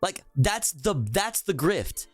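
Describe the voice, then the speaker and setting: A young man with a fairly high voice rants live on stream, swearing and repeating himself in exasperation. His voice is dry and close, with faint music underneath. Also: sing-song, takes it slowly, no room sound. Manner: profane, exasperated, repetitive. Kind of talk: live political rant.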